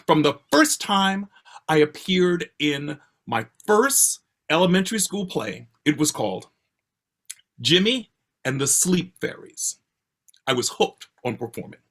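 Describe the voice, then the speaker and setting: An older man from Baltimore telling a personal story with a theatrical, expressive delivery, heard over a video call. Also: a little slow. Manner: expressive, theatrical delivery with swings in pitch and pace.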